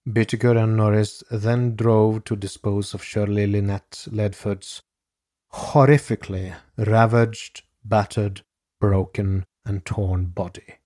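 A man reading a scripted true crime narration in a measured, grave way, as a podcast host. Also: lowish voice, level tone, mellow, dry recording, clean studio sound.

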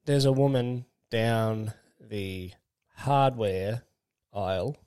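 A man in his late 20s co-hosts a podcast, telling a crude, rambling story in casual chat and laughing as he goes. His voice sits on the low side and is smooth and a little mellow, and he speaks extremely slowly.

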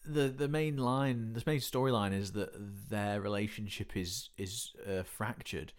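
A man's voice: on the low side, steady tone, measured pace. A man as a guest on a casual film review chat, talking in an easygoing, agreeable way. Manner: easygoing, agreeable, brief replies.

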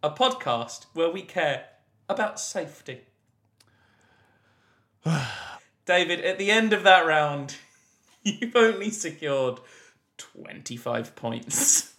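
A man running a comedy quiz on a podcast, teasing his friend and breaking into laughter. His voice sits a little high and bright, and it swings up and down a lot as he talks at an unhurried pace. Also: sing-song. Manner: teasing, laughs often while asking. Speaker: podcast co-host and quiz master. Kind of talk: casual comedic quiz banter.

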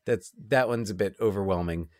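A man's voice: low-pitched, brisk, darkish tone, no echo, clean studio sound. A man co-hosting a casual movie-chat podcast, rambling and often restarting his sentences. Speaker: podcast co-host.

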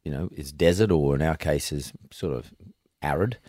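A man's voice: a bass voice, normal speed, a little mellow, no room sound, studio quality. An older Australian man hosting an interview, blunt and rambling with frequent restarts. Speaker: podcast host. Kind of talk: casual interview.

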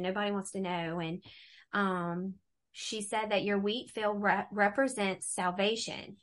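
A middle-aged woman telling her faith testimony in a relaxed conversation, animated and acting out the voices she quotes. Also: medium pitch, unhurried. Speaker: guest.

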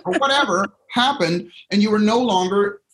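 A man coaching a group on a call, emphatic and lively, acting out the anxious voice in people's heads. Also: high voice, normal speed. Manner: emphatic, acts out inner voices, spells words out. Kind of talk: motivational coaching talk. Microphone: call audio.

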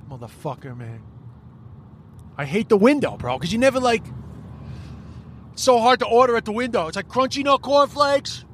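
High-voiced Irish man ranting. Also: normal speed, long pauses, slight background noise. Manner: profane, rambling, animated storytelling. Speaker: podcast host. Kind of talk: solo comedic podcast rant.

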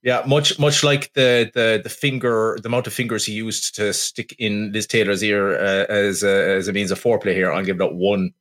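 Casual: low-voiced irish guy ranting about a film, sardonic and sweary. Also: flat delivery, normal speed, few pauses, a bit bright. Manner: blunt, profane, sardonic. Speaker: podcast co-host. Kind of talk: casual film review chat.

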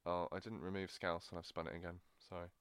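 A man's voice: low voice, flat delivery, fast talker, a bit bright, smooth, no room sound, studio quality. A young man co-hosting a podcast in casual chat, apologetic and fumbling. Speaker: podcast co-host.

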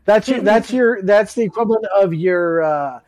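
A man dropping wry, deadpan one-liners while watching a movie with friends. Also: sits high, normal speed, no echo. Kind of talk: casual movie commentary with friends.

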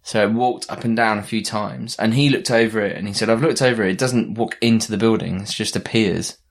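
A young man with a low, grounded voice spins a story in a loose, conversational way. He wanders through fillers and restarts as he goes, and the tone stays relaxed and unscripted. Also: brisk, vocal fry. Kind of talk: casual chat.

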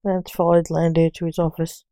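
A woman reading a story aloud with halting phrasing. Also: fairly low pitch, level tone, warm tone, clean tone, no room sound, rough recording.

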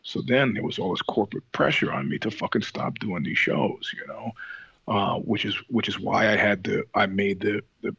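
A man's voice: on the low side, normal speed, vocal fry, fairly bright tone, husky, no room sound, highs cut off. A man in casual conversation, telling stories in a rambling, profane way with many restarts. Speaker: podcast guest, singer and show host. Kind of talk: casual chat.

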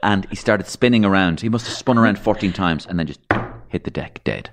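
Very deep-voiced Irish man telling stories. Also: lively intonation, fairly quick, noisy background. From Ireland. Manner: rambling anecdotal storyteller, dark humour, acts out voices. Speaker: guest. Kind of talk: storytelling in a podcast interview.

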